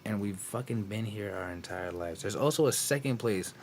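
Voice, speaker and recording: A man's voice: on the low side, moderate pace, a little mellow, a little hiss or hum. A young man co-hosting a podcast, rambling through stories, swearing and laughing often. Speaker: podcast co-host. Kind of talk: casual chat.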